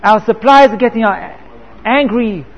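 Man putting on an angry wife, high-pitched, reproachful questions, dull lo-fi sound. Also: moderate pace. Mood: scolding. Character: angry scolding wife of a busy shopkeeper. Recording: echoey hall, dull lo-fi sound.

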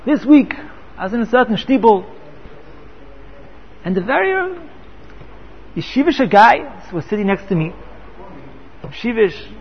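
A man's voice: extremely high pitch, very animated, a little slow, long pauses, a little hiss or hum. A man giving a Torah lecture, telling a parable and asking rhetorical questions. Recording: echoey hall, dull lo-fi sound.

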